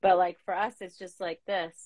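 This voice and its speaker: A woman hosting a talk show interview on a video call, lively and chatty with plenty of fillers. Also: on the low side, moderate pace, dry recording. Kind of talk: casual interview chat.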